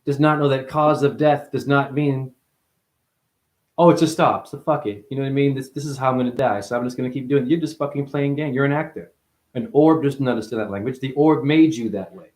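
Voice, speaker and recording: A spiritual speaker delivers a rambling, profane monologue full of wordplay, calling the listener honey and swinging between mutters and excited outbursts. He talks fast at a medium pitch, and the recording has a roomy echo.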